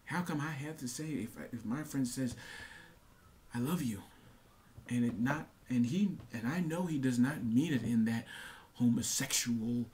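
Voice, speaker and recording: A man's voice: medium pitch, measured pace, a little mellow. A young man talking earnestly to his camera in a casual monologue, repeating himself with many fillers and restarts. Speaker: vlogger.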